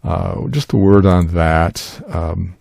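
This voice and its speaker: Slow, gravelly, deep-voiced man teaching. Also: animated, darkish tone, dry recording, studio quality. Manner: unhurried, explanatory with frequent fillers. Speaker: Bible language teacher. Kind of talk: screen-share tutorial.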